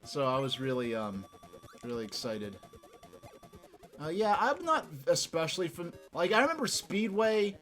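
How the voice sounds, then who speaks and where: A man from New York chatting casually and rambling while he streams a video game, getting excited easily. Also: on the high side, a little slow, soft background music.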